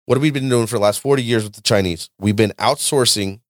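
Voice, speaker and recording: A man hosting a podcast, ranting and lecturing in a loud, profane, animated way. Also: lowish voice, quick pace, dry recording, studio quality. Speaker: podcast host. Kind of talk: casual podcast chat.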